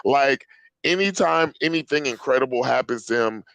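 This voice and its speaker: A man on a podcast panel talks with blunt, crude emphasis and laughs often. His mid-pitched voice sits close and dry, with no room sound around it. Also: animated, normal speed, gravelly, a bit bright, no echo, rough recording. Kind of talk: casual chat.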